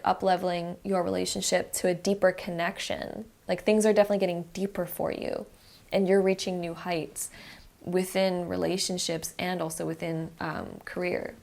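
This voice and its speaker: A woman's voice: lowish voice, vocal fry, a little mellow. A young woman giving a pick-a-card tarot reading in a chatty, encouraging way, speaking straight to the viewer. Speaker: tarot reader.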